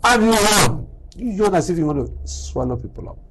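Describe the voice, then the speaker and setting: A man's voice: high-pitched, brisk, slightly rough, low-quality recording. A middle-aged man giving a motivational talk as a doctor. He tells stories, acts out the exchanges he quotes and fires off rhetorical questions. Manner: animated storyteller, acting out quoted exchanges and firing rhetorical questions.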